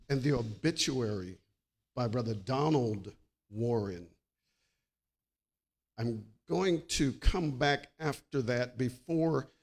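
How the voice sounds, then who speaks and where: A man who is a pastor, preaching fervently at a funeral service and then making announcements, building up to exclaiming shouts. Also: medium pitch. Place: church.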